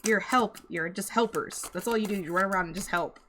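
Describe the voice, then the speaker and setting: A woman's voice: mid-range voice, a little fast, background noise. A young woman giving a casual tarot reading to camera, chatty and sympathetic, laughing and sighing often. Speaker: tarot reader.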